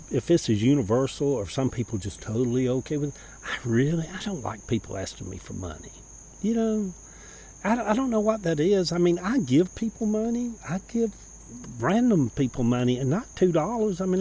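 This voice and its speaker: A middle-aged man tells a personal story in a rambling, folksy way, restarting phrases and clearing his throat. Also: fairly high pitch, rough recording.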